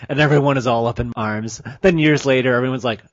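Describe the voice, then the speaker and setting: A man's voice: mid-range voice, fairly quick, no echo. A man co-hosting a casual, crude comedy podcast, wisecracking and laughing often. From Chicago. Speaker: podcast co-host. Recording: dry, slightly dull lo-fi sound.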